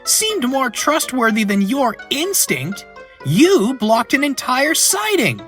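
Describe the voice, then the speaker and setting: A man doing a shrill squabbling engine twin. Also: wildly swooping pitch, slow pace, fairly bright tone, soft background music, exaggerated voice. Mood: indignant. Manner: huffy, argumentative. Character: young squabbling tank engine twin, male.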